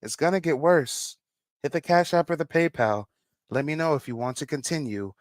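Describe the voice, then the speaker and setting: A man's voice: a little high, expressive, moderate pace, no echo. A man hosting a reaction commentary stream. He talks in a theatrical, teasing way and keeps calling out to his viewers. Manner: theatrical, teasing, repeats "guys" and "Mike".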